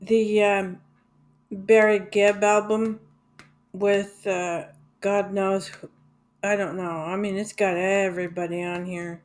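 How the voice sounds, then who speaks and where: A woman's voice: mid-range voice, little pitch movement, slow pace. A woman in a casual rambling monologue about music, hesitant, with many fillers and restarts and some blunt swearing. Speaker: music vlogger.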